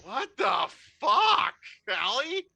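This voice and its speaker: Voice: high-pitched, sing-song, slow, sharp tone, soft background music, pitched above the performer's own voice, exaggerated voice. A game master playing a boozy grumbling clown. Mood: sarcastic cheer. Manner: switches between forced cheer and gruff cursing. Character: adult male clown, jolly act hiding a gruff drinker.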